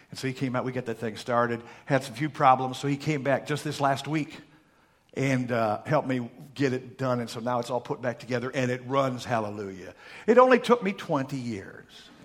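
A middle-aged man pastoring a church, telling folksy stories in a sermon that build to loud, emphatic preaching. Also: mid-range voice.

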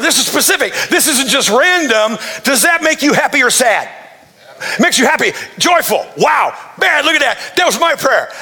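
A man's voice: very high-pitched, bright, forceful tone. A man preaching a sermon, playful and joking, acting out prayers in the voice of the people praying them. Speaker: pastor.

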